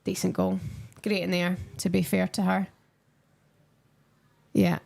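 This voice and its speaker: A woman's voice: lowish voice, completely flat delivery, takes it slowly, gravelly, a little mellow. A young woman chatting casually with her viewers on a live stream while she watches a football match and answers their comments.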